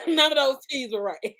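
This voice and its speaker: A woman chats in a relaxed, playful way and laughs often. Her voice sits high. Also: rough recording. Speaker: guest. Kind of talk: casual chat.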